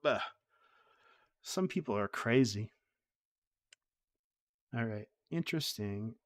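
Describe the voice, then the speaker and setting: A man's voice: on the low side, animated, slow pace. A man hosting a live stream, talking casually in a rambling, heated way with many restarts. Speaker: streamer host.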